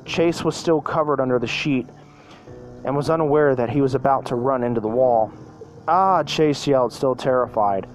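A man's voice: medium pitch, steady tone, moderate pace, a little mellow, soft background music, rough recording. Man stumbling through a storybook reading. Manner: stumbling, self-correcting reading. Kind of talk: reading a fan story aloud.

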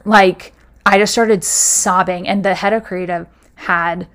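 Telling her own story at a measured pace, this young woman speaks in a steady, slightly bright, medium-pitched voice. Her delivery is chatty and loaded with "like," and she performs the quoted dialogue.

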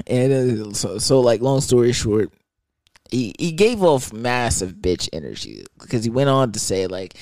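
A young man telling a casual story in an animated, profane, rambling way. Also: mid-range voice, unhurried, gravelly, long pauses, no room sound, studio quality.

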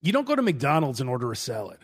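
A man's voice: medium pitch, wildly swooping pitch, fast, husky. A man hosting a podcast, asking eager questions in a casual interview. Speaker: podcast host. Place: podcast studio.

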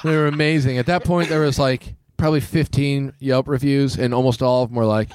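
A man's voice: medium pitch, fairly even intonation, a little fast, a little mellow, smooth, no echo. Wry male comic telling an anecdote. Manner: wry storytelling with quoted voices. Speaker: comedian guest. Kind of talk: casual comedy podcast chat.

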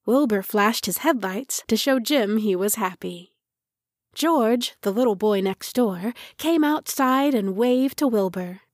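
A woman narrating a children's audiobook in a slow, gentle storytelling manner. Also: a little high, lively intonation, no echo, studio quality.

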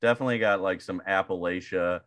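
A man's voice: deep voice, steady tone, quick pace, a bit bright, clean tone, no echo. A man co-hosting a podcast, chatting casually with jokey, profane banter. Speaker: podcast co-host. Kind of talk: casual chat.

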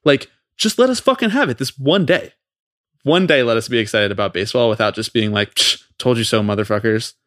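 A man co-hosting a podcast, ranting in a fast, profane, exasperated way about something that annoys him. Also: mid-range voice, a bit bright, no room sound, studio quality. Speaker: podcast co-host. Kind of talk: heated casual podcast rant.

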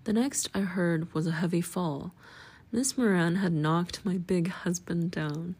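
Female audiobook narrator, measured and steady, low dark tone. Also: breathy edge. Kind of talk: audiobook reading of a story.

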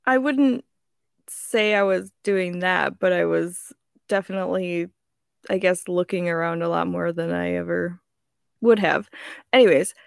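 A woman's voice: on the low side, unhurried, gravelly, clean tone, no echo, studio quality. A woman in her twenties on a podcast, telling a rambling story with lots of giggles. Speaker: podcast co-host. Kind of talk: casual storytelling chat.

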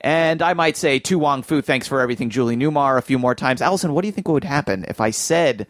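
A man's voice: mid-range voice, fast, dry recording, clean studio sound. A man hosting a film podcast, jokey and playful as he sets up the episode. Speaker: podcast host. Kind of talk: casual film podcast chat.

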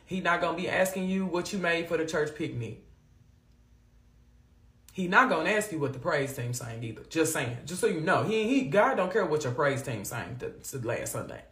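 Lively woman hosting a faith talk. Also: lowish voice. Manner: animated, preachy Southern-flavored vernacular. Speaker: host of a faith livestream. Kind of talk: casual faith talk to viewers. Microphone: phone or webcam on a live stream. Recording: echoey room.

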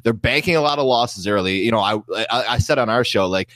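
A man's voice: mid-range voice, fast, a bit bright, no room sound. A man guesting on a sports podcast, chatting casually with a nasal voice, rambling and restarting his sentences. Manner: self-deprecating, rambling with restarts.

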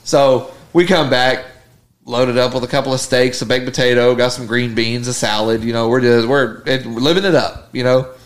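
A man co-hosting a podcast, telling a long anecdote in casual, animated chat with plenty of swearing. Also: medium pitch, normal speed. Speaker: podcast co-host.

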